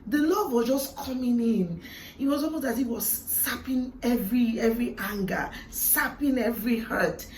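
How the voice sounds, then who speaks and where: A woman's voice: on the high side, normal speed. Woman vlogger, heartfelt storytelling, reflective with emotional peaks; roomy, distant mic sound with faint background hiss. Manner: earnest and reflective, with emotional swells and hushed moments. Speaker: vlogger sharing a personal testimony.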